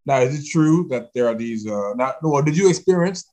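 A man's voice: medium pitch, expressive, brisk, a little mellow. A man hosting a podcast, asking casual, curious questions and often restarting mid-sentence. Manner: curious, loose phrasing, restarts his questions. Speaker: podcast host.

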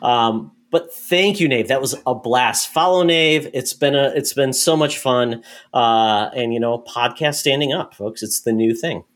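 A man's voice: mid-range voice, measured pace, fairly bright tone. A man hosting a casual gaming podcast, joking and plugging the show at the close. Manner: jokey, wraps up with plugs. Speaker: podcast host. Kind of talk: casual chat.

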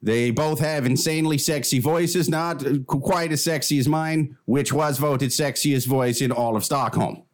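A man's voice: medium pitch, moderate pace, hardly any pauses, natural voice. A man playing a vain, rambling Swedish judge with a Swedish accent in an improvised comedy podcast. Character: pompous Swedish man judging a contest.

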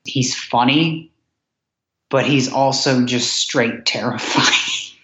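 A man's voice: mid-range voice, takes it slowly, bright, forceful tone. A man, a podcast guest, chatting enthusiastically about old films, rambling with restarts. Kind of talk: casual chat. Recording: roomy, dull lo-fi sound.

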